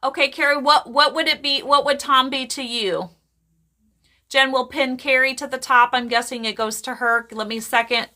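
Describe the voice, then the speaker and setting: Here a woman with a high voice works as a psychic medium, reading live for an audience. She keeps things animated and talkative, laughing often and throwing quick comments at the chat.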